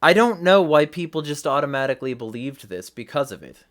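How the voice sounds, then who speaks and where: A man's voice: fairly high pitch, animated, fairly quick, fairly bright tone. A man hosting a livestream, giving blunt, profane commentary and often restarting mid-sentence. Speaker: host.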